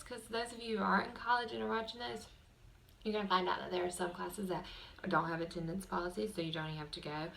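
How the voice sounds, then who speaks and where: A woman's voice: mid-range voice, steady tone, brisk, vocal fry, slight background noise. A young woman vlogging from her bedroom, chatting casually to the camera with lots of fillers. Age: young adult. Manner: chatty, rambling, with many fillers.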